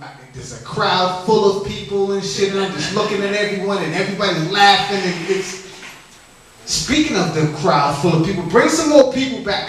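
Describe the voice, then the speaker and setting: High-voiced man doing profane stand-up, echoey club. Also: a bit bright. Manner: profane, rambling storytelling with crowd work. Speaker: stand-up comedian. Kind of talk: open mic stand-up comedy. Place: comedy lounge stage. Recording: echoey room, mic at a distance.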